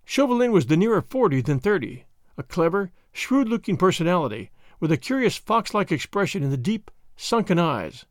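Expressive male storyteller, lively pitch. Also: dry recording, clean studio sound. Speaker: audiobook narrator. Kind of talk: scripted narration.

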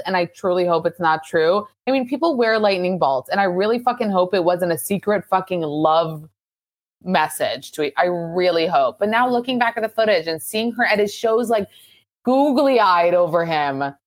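Animated, swearing woman podcast guest. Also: lowish voice, normal speed. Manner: animated, profane, emphatic ranting. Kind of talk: casual chat.

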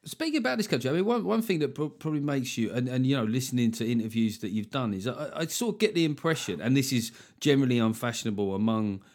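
A man hosting a comedy podcast, chatting casually with his guest, jokey and quick to laugh. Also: medium pitch, expressive, darkish tone, faint music behind. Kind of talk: casual interview chat.

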